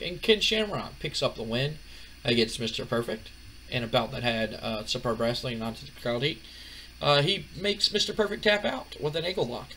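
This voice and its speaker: A man narrating a game playthrough in a loose, chatty way, full of fillers and restarts. His voice is bright, with a faint hiss behind it. He speaks at a mid pitch. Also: low-quality recording. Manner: chatty, rambling, many fillers. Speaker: gaming channel host.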